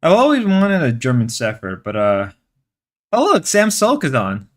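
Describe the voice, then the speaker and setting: Wildly swooping pitch marks this man's medium voice as he streams live at a moderate pace. Reading chat, he jokes in a sarcastic, mock-macho manner and rambles, restarting and repeating his phrases.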